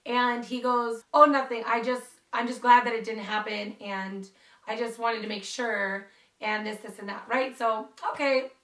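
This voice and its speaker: Brief: young woman vlogger, storytime chat, high-ish voice, a bit off-mic in a roomy space. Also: far from the mic. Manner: chatty, animated, lots of "like". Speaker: YouTuber telling a story. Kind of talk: casual storytime vlog.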